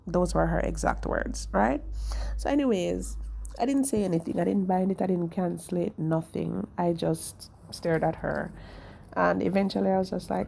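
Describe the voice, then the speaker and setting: A woman's voice: lowish voice, normal speed, vocal fry, dark tone, slight background noise. A young woman, telling a personal story in a candid, chatty way to her viewers. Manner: candid, chatty, often tags "right?". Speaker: vlogger.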